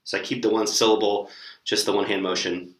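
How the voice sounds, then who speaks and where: Bright-voiced young man giving teaching tips. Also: lowish voice, a little fast, reverberant, a little hiss or hum. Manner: relaxed, lots of fillers, demonstrates words with gestures. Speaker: online English teacher. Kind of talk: casual teaching tips video.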